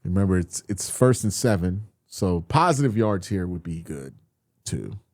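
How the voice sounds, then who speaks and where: Speaking at a moderate pace in a low voice, this man hosts a laid-back football film review in a dry recording. He addresses his audience directly as y'all, growing animated and exasperated, with some swearing mixed in.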